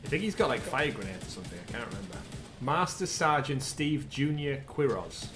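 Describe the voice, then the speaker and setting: A man's voice: medium pitch, sing-song, a little fast, over music. A man co-hosting a livestream, chatting casually and calling out the action as he plays a shooter game. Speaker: livestream co-host. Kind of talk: casual gameplay commentary.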